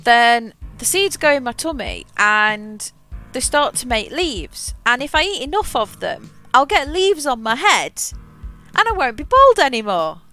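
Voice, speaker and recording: A man's voice: extremely high pitch, big pitch swings, measured pace, clean tone, faint music behind, pitched above the performer's own voice, exaggerated voice. A woman doing a kind, playful male teacher. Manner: patient, gently teasing explanation to a child.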